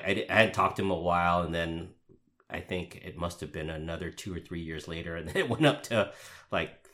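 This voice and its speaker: A man's voice: sits low, bright, forceful tone. A man co-hosting a podcast, telling a self-mocking story in casual chat with laughter. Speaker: podcast co-host.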